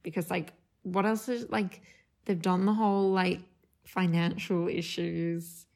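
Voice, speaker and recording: A woman's voice: on the low side, fairly even intonation, a little slow, creaky, a little mellow. A woman co-hosting a casual chat podcast, rambling and saying "like" a lot. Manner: rambling, heavy use of "like", restarts. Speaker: podcast co-host.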